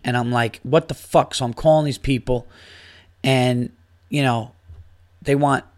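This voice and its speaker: A man hosting his own podcast, a stand-up comic rambling and swearing, working himself up into loud rants. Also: mid-range voice, dry recording, clean studio sound. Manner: rambling, profane, gets worked up and loud. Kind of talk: casual solo podcast rant.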